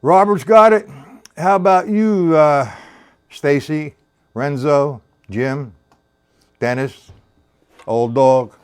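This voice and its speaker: A man's voice: on the high side, slow pace, pauses often, clear, resonant tone. A man teaching a live-streamed drum lesson. He counts rhythms aloud, calls out stickings and talks to viewers by name. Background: drum kit.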